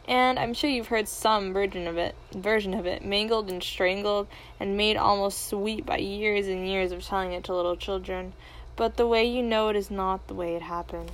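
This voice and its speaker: A woman reading a storybook aloud, expressive and lively, with a mid-range voice. She narrates in an animated way. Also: mid-range voice, moderate pace, poor audio.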